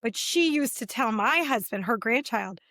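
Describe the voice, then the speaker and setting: A woman co-host with a higher-pitched voice talks in a casual, animated way and slips into quoted voices as she tells her stories. The sound is dry and close, with no room echo. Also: normal speed. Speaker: podcast co-host. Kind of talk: casual chat.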